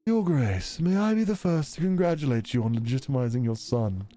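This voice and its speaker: Guy doing a prissy countess, pitched way up, slow and fawning. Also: animated, dark tone, faint music behind, natural voice. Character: courteous fawning female countess.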